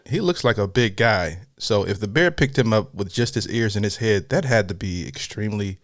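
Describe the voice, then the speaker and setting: Low-voiced, lively male reaction host. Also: normal speed, a little hiss or hum. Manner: chatty, amused, thinking aloud. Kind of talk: casual reaction commentary.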